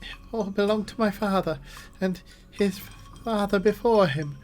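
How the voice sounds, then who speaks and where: A woman's voice: mid-range voice, unhurried, a little mellow, soft background music, voice pushed up, natural voice. Woman putting on a grinning creepy innkeeper man. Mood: creepily cheerful. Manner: cheerfully sinister, stresses words oddly. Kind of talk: voicing a video game character on stream.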